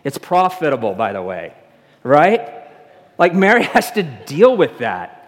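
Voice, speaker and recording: A man's voice: on the high side, wildly swooping pitch, a little slow, long reverb tail. A man from the American South with a Southern accent, a pastor preaching a conversational sermon and asking the congregation questions. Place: church sanctuary.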